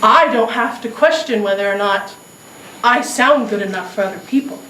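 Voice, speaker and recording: A woman's voice: a little high, normal speed, roomy sound, noisy background. Self-mocking woman storyteller, far off. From Los Angeles area. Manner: self-mocking, hesitant, many fillers. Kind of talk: live comic storytelling.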